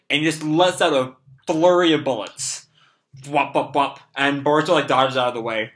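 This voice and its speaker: Hoarse young man rambling through a comic. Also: a little high, normal speed, a bit bright. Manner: rambling, full of "like" and "uh". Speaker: comic reaction host. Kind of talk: casual live comic read-through.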